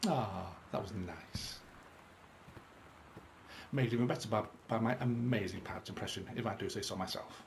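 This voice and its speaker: A man's voice: on the low side, normal speed, pauses often, a little hiss or hum. A man giving a chatty, self-mocking running commentary as he plays through a video game. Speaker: gaming channel host. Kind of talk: let's play commentary.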